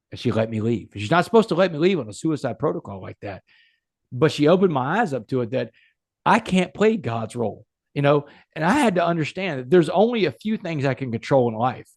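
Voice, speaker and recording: A man with a gravelly, slightly rough voice speaks in an earnest, emphatic storytelling manner. His voice sits at a medium pitch and is recorded close and dry. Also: sing-song, brisk, no room sound. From United States. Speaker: guest. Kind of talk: storytelling in a podcast interview.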